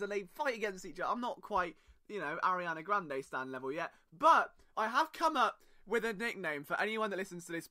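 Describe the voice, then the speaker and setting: A man's voice: high-pitched, sharp tone. A young British man hosting a podcast alone, talking casually with sarcastic, self-mocking asides. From Britain. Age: young adult. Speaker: podcast host. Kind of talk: casual solo podcast monologue.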